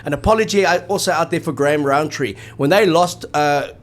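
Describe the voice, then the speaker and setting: Man, rugby show co-host, casual chat, wry, slightly high voice. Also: a little fast. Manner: chatty, tags sentences with "eh", wry.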